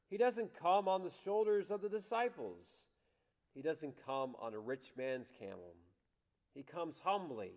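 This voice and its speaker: A man preaching a sermon with passion, moving between loud declarations and hushed, soft lines. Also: medium pitch. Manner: impassioned, dramatic swings between loud and hushed. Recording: long hall reverb.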